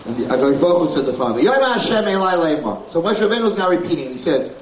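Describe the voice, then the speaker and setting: A man's voice: fairly high pitch, sing-song, racing, hardly any pauses. A man, a rabbi giving an informal Torah class, talking emphatically, repeating his points and mixing in Hebrew terms. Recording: roomy, distant, faint background noise.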